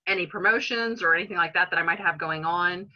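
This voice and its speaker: A woman's voice: fairly low pitch, quick pace, muffled recording. A middle-aged woman, a reiki practitioner, talking earnestly as a guest in a casual interview, with frequent fillers and restarts.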